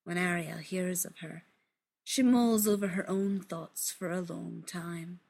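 Woman reading a story real slow, husky and gravelly, half whispered. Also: fairly low pitch, fairly even intonation. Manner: hushed, measured, intimate.

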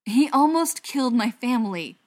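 A woman reads as a furious male vampire, a butcher by trade, pushing and accusing in a forceful, raised voice. The pitch sits mid-range for a woman's voice, and it is told as an audiobook. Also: moderate pace, close to an everyday voice. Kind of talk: audiobook reading.

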